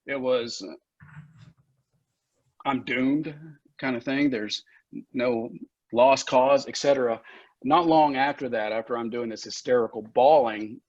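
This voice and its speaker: A man's voice: medium pitch, steady tone, measured pace, pauses often, a little mellow, no room sound. A man speaking as a podcast guest, telling his recovery story candidly with frank, profane language, frequent laughs and moments of emotion. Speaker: guest, recovery center founder. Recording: dull lo-fi podcast audio.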